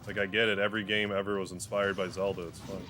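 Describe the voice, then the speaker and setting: A man's voice: lowish voice, little pitch movement, quick pace. A man streaming a video game live, rambling and joking casually as he plays. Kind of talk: casual live gameplay commentary.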